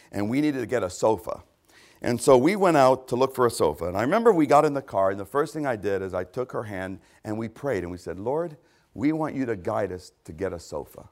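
An older man preaching a sermon, animated, swinging between loud exclamations and hushed asides. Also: medium pitch. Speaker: pastor.

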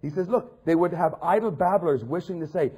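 A man preaching a sermon, reading scripture and mocking other voices, building to loud peaks. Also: fairly high pitch, brisk, slightly rough.

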